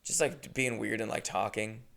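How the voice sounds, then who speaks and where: Gravelly young man telling a rambling story. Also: lowish voice, normal speed. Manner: rambling, profane, animated. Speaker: podcast host. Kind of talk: comedic storytelling monologue.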